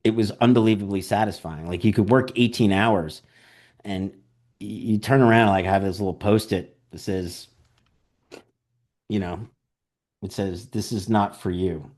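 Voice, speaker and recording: A man's voice: fairly low pitch, normal speed, pauses often. A man, a documentary director, being interviewed and telling stories animatedly, full of "like" and "you know". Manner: animated storyteller, acts out quotes; frequent "like" and "you know" fillers. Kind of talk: interview conversation.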